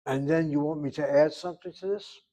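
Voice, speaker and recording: A man's voice: on the high side, steady tone, brisk, dark tone, low-quality recording. A man with an American accent giving a Hebrew grammar lesson in a blunt, emphatic classroom lecture style. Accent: American English. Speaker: Hebrew instructor.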